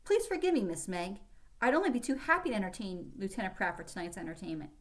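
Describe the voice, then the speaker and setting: A woman's voice: medium pitch, expressive, close to an everyday voice. A woman reading aloud, voicing a spirited young servant girl who speaks earnestly. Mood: polite. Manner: earnest, quick-tempered.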